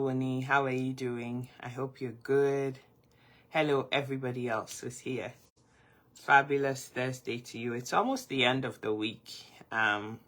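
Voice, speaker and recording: Groggy morning voice, woman chatting slow on her live stream, kinda bright and forceful. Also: a bass voice. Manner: slow, warm, affectionate greetings to viewers. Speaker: life coach host. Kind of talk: casual live-stream chat.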